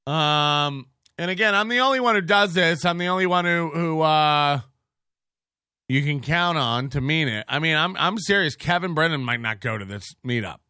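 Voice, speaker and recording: A man's voice: on the high side, lively intonation, normal speed, sharp tone, clear, resonant tone, dry recording, clean studio sound. A man hosting a casual livestream, rambling and self-mocking, with frequent swearing. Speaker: livestream show host.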